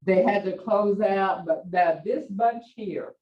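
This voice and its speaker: A woman's voice: mid-range voice, slow. An older woman teaching a language class, telling chatty stories and acting out the bossy commands she gives at home. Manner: chatty storytelling, laughs often, acts out bossy commands. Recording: distant, echoey, dull classroom audio.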